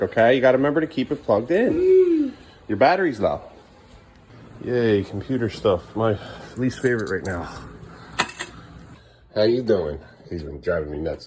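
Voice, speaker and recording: A man's voice: fairly low pitch, a little mellow, slight background noise. A middle-aged man vlogging at home as a father, coaxing and scolding his kids in casual talk.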